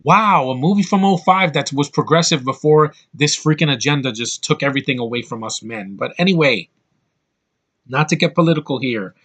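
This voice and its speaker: A man's voice: fairly high pitch, lively intonation, fairly quick, fairly bright tone. A man giving a casual, rambling film review with blunt opinions and lots of restarts.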